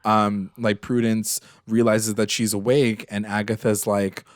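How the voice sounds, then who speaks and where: A man's voice: on the low side, unhurried, few pauses, no room sound, studio quality. A man co-hosting a podcast, retelling a TV episode in casual, emotional chat full of fillers. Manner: emotional, animated retelling, many fillers and swearing. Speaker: podcast co-host.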